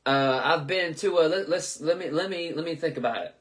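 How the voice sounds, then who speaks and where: A southern US man in his twenties hosts a live comedy chat, reading viewer comments and joking loosely with plenty of swearing. His voice is fairly high, fairly quick, fairly bright and slightly rough. He's loose, profane and jokey, and he stumbles over names.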